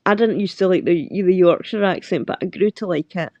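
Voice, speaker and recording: A middle-aged Scottish woman hosts a casual livestream chat, rambling with plenty of fillers and frequent laughter. Her voice is fairly low, quick, and warm with no echo, though the recording has a dull lo-fi quality.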